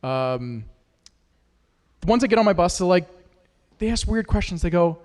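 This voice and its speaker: A man's voice: high voice, expressive, moderate pace, a little mellow, long reverb tail. A man doing a stand-up set at an open mic, crude and self-deprecating as he teases the audience. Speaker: stand-up comic. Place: small performance studio with a live audience.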